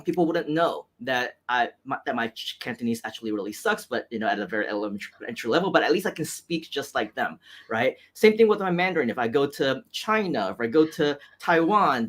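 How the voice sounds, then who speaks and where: A man's voice: on the high side, a bit bright. A man with an American accent hosting an interview, talking through motivational points and tagging many lines with "right?". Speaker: host.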